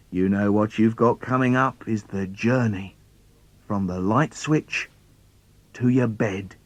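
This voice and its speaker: A man's voice: mid-range voice, no room sound, muffled recording. A man performing his own children's poems as dramatic storytelling, theatrical with gasps for suspense.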